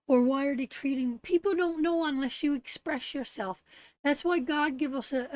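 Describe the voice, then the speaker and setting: A middle-aged woman from Canada hosting a live tarot show, her voice sitting high. She talks bluntly and curses freely while giving viewers a pep talk. The sound is dry and close, with no room echo. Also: darkish tone. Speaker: tarot reader and host. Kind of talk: live-stream tarot reading and chat.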